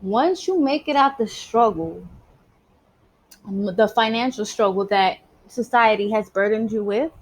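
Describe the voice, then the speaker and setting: A woman's voice: medium pitch, a little slow, low-quality recording. Emphatic streetwise woman. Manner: emphatic, streetwise, swears freely. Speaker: spiritual vlogger. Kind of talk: casual spoken monologue.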